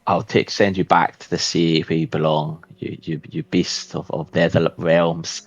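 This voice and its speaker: A man playing a vengeful sailor, deep and dull-toned. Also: little pitch movement, a little slow, no room sound. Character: vengeful male sailor vowing revenge on a sea beast.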